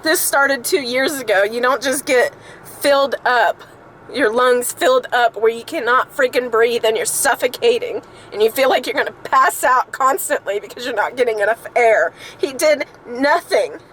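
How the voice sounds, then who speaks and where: A woman's voice: fairly high pitch, moderate pace, a bit bright, a little hiss or hum, rough recording. Exasperated woman venting in a vlog. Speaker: vlogger. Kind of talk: angry personal vlog rant.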